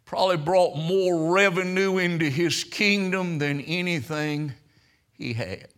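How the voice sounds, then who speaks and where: A man preaching a sermon, telling stories and swelling into loud, emphatic preaching. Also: sits high, a little slow.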